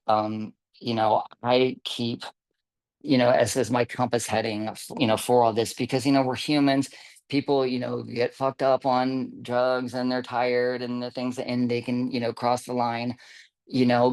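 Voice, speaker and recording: Guy telling a story on a video call, rambling, lots of ums and restarts, mid-pitched voice. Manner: rambling, many fillers and restarts, quoting others. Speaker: camp volunteer telling a story. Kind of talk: casual storytelling.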